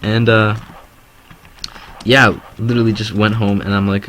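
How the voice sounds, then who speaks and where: A man's voice: lowish voice, level tone, unhurried, a bit bright, slight background noise. A teenage boy telling a story casually, rambling with lots of fillers and laughing often.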